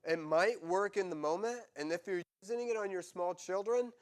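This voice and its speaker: A man pastor preaching a sermon, animated and conversational, acting out quoted voices with humor. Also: high voice, normal speed.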